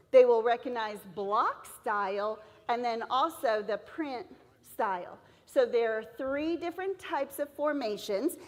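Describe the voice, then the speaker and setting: Lady with a high voice running a teacher workshop, acts out phonics sounds, echoey hall. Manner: acts out letter sounds and classroom scenes. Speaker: teacher trainer presenting a seminar. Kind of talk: lively teacher-training talk. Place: church hall.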